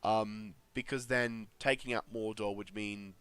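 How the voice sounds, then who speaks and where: A man's voice: lowish voice, steady tone, measured pace, fairly bright tone, clean tone, no echo. A man casually commentating a strategy game, thinking aloud with lots of fillers and restarts. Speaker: gaming video creator.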